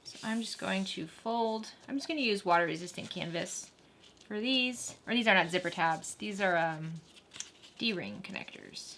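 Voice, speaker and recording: A woman's voice: mid-range voice, lively intonation, moderate pace, a bit bright, slight background noise. A woman hosting a casual sewing tutorial, chatting and laughing with viewers while she works. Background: faint sewing machine whir.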